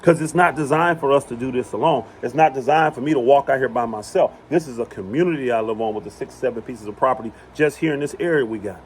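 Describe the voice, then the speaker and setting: Speaking fast with few pauses, a preacher in a mid-range voice delivers a fervent religious talk outside on his property. He keeps repeating phrases for emphasis, and there's a little hiss or hum.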